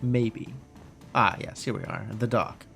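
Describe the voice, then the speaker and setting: A man's voice: lowish voice, unhurried, vocal fry, a bit bright, soft background music. A man streaming a role-playing game live, making offhand, wry asides while he plays. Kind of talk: live game commentary and reading dialogue aloud.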